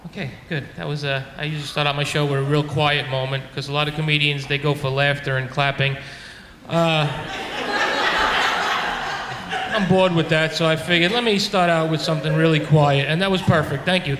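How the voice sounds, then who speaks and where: A man's voice: a little high, steady tone, brisk, noisy background. Brash New York stand-up man. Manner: brash, profane, self-mocking. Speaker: stand-up comedian. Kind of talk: stand-up comedy set. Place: brewery stage before a live crowd. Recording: echoey hall with audience laughter.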